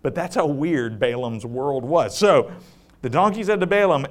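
A man with a high voice preaches a sermon in a loose, conversational way. He tells the story with joking asides and easy laughter, then drops low and slow for the scripture readings. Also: expressive.

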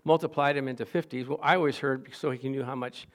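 A middle-aged male pastor preaching a sermon, telling stories with lively acted-out quotes and frequent laughter. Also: medium pitch, quick pace. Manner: animated storytelling, acts out quotes, laughs often.

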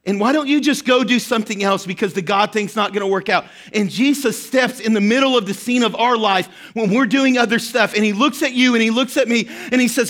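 A man's voice: very high-pitched, a little fast, hardly any pauses, a bit bright. A man preaching a sermon as pastor, impassioned, his voice rising when he speaks the quoted words. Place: church hall.

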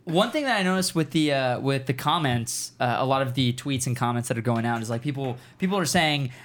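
A man's voice: on the high side, fairly bright tone. A man hosting a casual group chat, rambling with many fillers and restarts. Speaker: podcast host.

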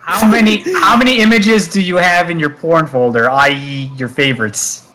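Bright teasing male co-host. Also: on the high side, moderate pace, low-quality recording. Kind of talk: casual banter.

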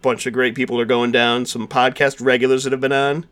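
A man's voice: mid-range voice, little pitch movement, brisk, fairly bright tone. A man hosting a podcast, chatting casually with lots of fillers and restarts. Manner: rambling, filler-heavy, frequent restarts. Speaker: podcast host.

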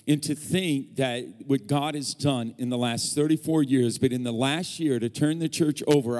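A man's voice: mid-range voice, darkish tone. A man preaching a sermon as a guest preacher in a church sanctuary, joking and teasing the congregation as he talks. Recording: long church hall reverb.

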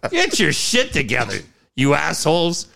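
High-pitched guy ranting on sports radio, swinging all over, swearing and mocking. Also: wildly swooping pitch, moderate pace, vocal fry. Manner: loud, sarcastic, swearing, mocking. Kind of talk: profane sports talk rant.

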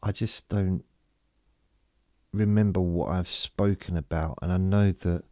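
Low, mellow-voiced man rambling. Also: steady tone, a little slow, no echo, studio quality. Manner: meandering, self-mocking, reads listener messages aloud. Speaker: podcast host. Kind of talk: rambling sleep podcast chat.

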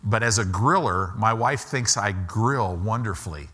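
Man, pastor, sermon, emphatic call-and-response, bright tone, unhurried delivery. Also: on the low side, expressive.

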